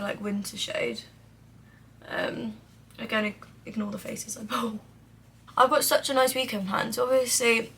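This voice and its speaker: A woman's voice: on the high side, creaky, a bit bright, slightly rough. A young woman chatting casually while doing her makeup, rambling with lots of "like" and some swearing. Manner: drops to a mutter while applying makeup. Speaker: beauty vlogger. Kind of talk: casual get-ready-with-me chat.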